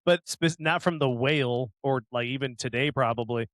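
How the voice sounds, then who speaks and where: A man co-hosting a casual podcast, animated and laughing often as he acts out scenes. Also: mid-range voice, moderate pace, no echo. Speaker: podcast co-host.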